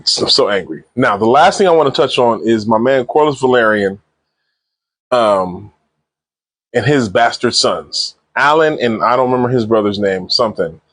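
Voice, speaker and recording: Animated man recapping a TV episode. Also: mid-range voice, normal speed, dry recording. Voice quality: animated slangy retelling with acted-out quotes. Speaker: TV show reviewer. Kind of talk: casual recap review.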